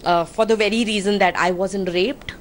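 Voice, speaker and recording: A woman's voice: mid-range voice, steady tone, normal speed, slight background noise. A woman from India with an Indian accent, earnestly and indignantly recounting an incident as an interviewee, politely using honorifics.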